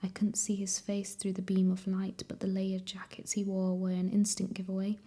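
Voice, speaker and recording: A woman reading a novel aloud as an ASMR reader, in a soft whispered role-play. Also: medium pitch, completely flat delivery, moderate pace.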